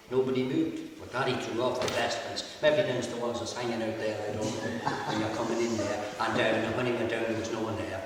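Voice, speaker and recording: An Irish man spins a local folk tale in a chatty, easy way, his lines sprinkled with "he said." He stands far from the mic inside an old chapel, so a long hall echo trails his voice. A faint hiss sits behind it all. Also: mid-range voice. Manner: chatty, with frequent "he said" tags and laughter. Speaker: local storyteller. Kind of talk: oral folk storytelling.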